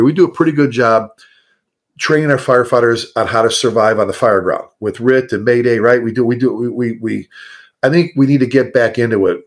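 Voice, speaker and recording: On a relaxed podcast, a middle-aged man who is a fire chief talks with animation, switching to high-pitched mocking impressions whenever he quotes someone.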